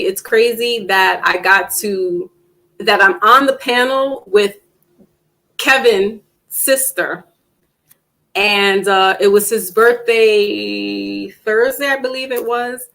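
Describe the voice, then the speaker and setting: A woman hosting a casual live-stream panel, chatting loosely with plenty of fillers and restarts and getting animated when she tells a story. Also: medium pitch, slow, creaky, low-quality recording. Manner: animated when telling stories.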